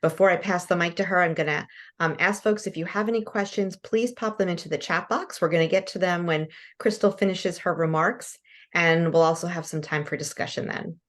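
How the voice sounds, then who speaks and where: A woman moderating a webinar over a video call, reading housekeeping notes and a speaker introduction. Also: fairly low pitch. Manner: reads guidelines and bio in a measured way. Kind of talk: scripted introduction.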